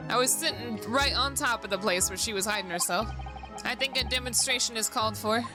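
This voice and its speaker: A woman's voice: on the high side, brisk, lightly acted. A woman voicing a jovial middle-aged Irish man with a put-on Irish accent, folksy and rambling, over background music. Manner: folksy, rambling, old-fashioned turns of speech.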